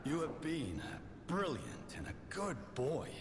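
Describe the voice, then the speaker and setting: An actor playing an elderly puppet maker, soft and coaxing in a fatherly way. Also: fairly high pitch, sing-song, measured pace, long reverb tail, noisy background.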